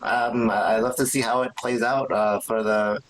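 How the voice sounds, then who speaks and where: A man's voice: on the low side, steady tone, moderate pace, rough recording. A man co-hosting a podcast, chatting in an easygoing way with hesitant restarts. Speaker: podcast co-host. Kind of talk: casual wrestling discussion.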